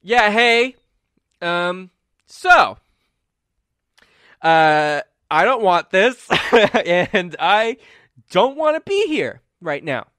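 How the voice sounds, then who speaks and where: A man voicing a sulky, lovesick young man who whines in a high, pleading voice. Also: very animated, drawn-out words, pauses often, sharp tone, no room sound, clean studio sound, full character voice. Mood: whiny, lovesick. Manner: whiny, rising high pleading.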